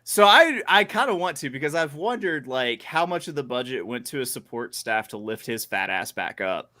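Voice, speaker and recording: Chatting casually as a podcast co-host, this man speaks at medium pitch and moderate pace with lively emphasis. His bright-edged voice sounds dry and close-miked, and he frequently breaks off with fillers, restarts, and keeps going.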